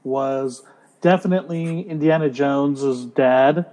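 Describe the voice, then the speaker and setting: A man's voice: medium pitch, slow, dark tone, low-quality recording. A man co-hosting a podcast in casual chat, joking, laughing and swearing freely. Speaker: podcast co-host.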